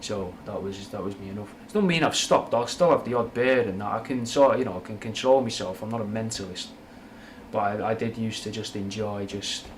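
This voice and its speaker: A rambling, down-to-earth young man with a Manchester accent and a touch of Scouse, talking casually and swearing now and then. His voice sits fairly low, and faint ambient noise hums underneath. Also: fairly quick. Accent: Mancunian with a slight Scouse twang. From Manchester, England. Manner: rambling, frank and swearing, with British slang. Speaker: livestream host answering chat. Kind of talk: casual livestream chat.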